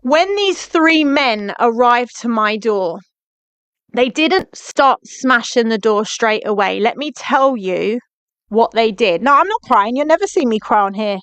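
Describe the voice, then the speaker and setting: A young woman talks straight into her phone on a live stream, indignant and pressing, repeating pointed questions at her viewers. Her voice sits a bit high and sounds crisp and clean, with a dry, close sound and no room around it. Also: lively intonation, unhurried, a bit bright, dry recording. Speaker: livestreamer. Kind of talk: angry live-stream rant.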